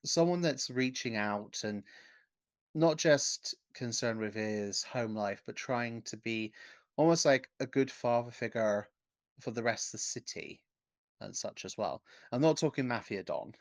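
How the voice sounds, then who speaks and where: A man co-hosting a podcast in casual chat, speaking in a measured, hedging way with frequent "and such". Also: mid-range voice, no echo. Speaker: podcast co-host.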